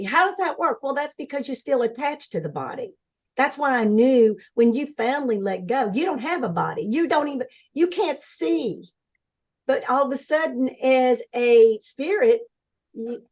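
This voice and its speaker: An older woman, a guest in an interview, speaks in a fairly high voice. She tells her story earnestly and with animation, slipping into the voices of the people she quotes. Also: a little mellow. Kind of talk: conversational interview.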